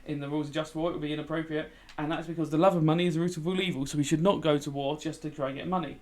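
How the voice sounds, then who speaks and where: A man's voice: on the high side, fairly even intonation, rapid-fire, a little mellow. Chatty male teacher, tired. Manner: chatty, frequent "okay?" check-ins, talks while typing. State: tired, yawning. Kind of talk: casual revision lesson while gaming.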